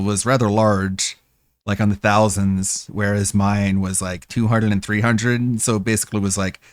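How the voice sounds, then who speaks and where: Low-voiced streamer chatting dryly. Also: male voice, clear, resonant tone, no room sound, clean studio sound. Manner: rambling, amused storytelling. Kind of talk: casual stream chat.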